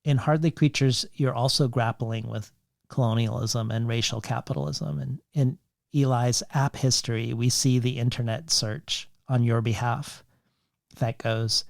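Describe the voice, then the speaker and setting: A male podcast host with a gravelly, fry-laden voice asks long, measured questions in a dry, close-miked room. He reads quoted passages and statistics at a steady, deliberate pace. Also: mid-range voice, no echo. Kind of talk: literary interview.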